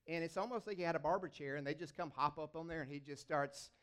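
Man, fairly high voice, conversational sermon, storytelling, frequent restarts. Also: fast, fairly bright tone, clean tone. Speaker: lay preacher.

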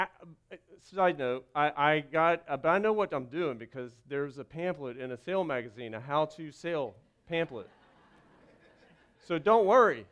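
Animated, high-voiced Southern pastor. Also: male voice, smooth. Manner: animated storytelling with self-interruptions and restarts. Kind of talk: sermon with personal stories.

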